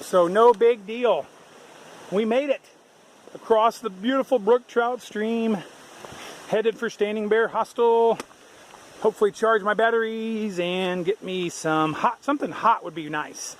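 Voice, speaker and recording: High-voiced man vlogging on a trail. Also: steady tone, measured pace, poor audio. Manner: chatty, easygoing, with frequent fillers and chuckles. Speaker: thru-hiker vlogger. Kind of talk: casual vlog narration to camera. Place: outdoors on a mountain trail by a stream. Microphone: handheld camera mic. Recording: faint outdoor background noise.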